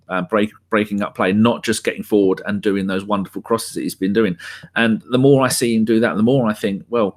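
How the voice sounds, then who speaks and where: A man with a fairly low voice talks football on a fan podcast. He rambles loosely, circling back and restarting his thoughts in an easy, conversational way. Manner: rambling, full of restarts and fillers. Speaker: podcast co-host. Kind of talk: casual football chat.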